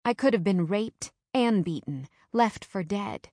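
A young adult woman narrating a first-person audiobook in an earnest, intimate, measured way. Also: medium pitch, expressive, warm tone, no room sound, clean studio sound.

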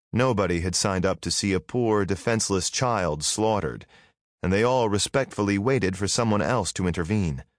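Low, expressive male audiobook narrator. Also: dry recording, studio quality. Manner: expressive storytelling. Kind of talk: scripted narration.

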